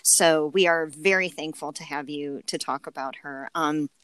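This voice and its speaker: A woman's voice: sits low, moderate pace, fairly bright tone, clean tone, dry recording. Woman co-host, enthusiastic, affirming, casual chat, dry close sound.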